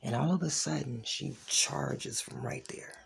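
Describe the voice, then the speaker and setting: An adult vlogger casually recounting a personal altercation while walking through a home, often dropping into a hushed whisper and acting out the quoted lines. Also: medium pitch, sing-song, measured pace. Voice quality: raspy, gravelly. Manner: reenacts quoted dialogue. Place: inside a home.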